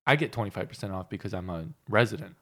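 A young man co-hosting a podcast, telling stories in an animated, profane way. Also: on the low side, fast. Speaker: podcast co-host. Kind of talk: casual storytelling chat.

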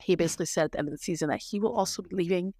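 A young woman co-hosting a casual chat podcast, talking in a chatty, animated way with quick asides. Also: fairly low pitch, no echo, studio quality. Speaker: podcast co-host.

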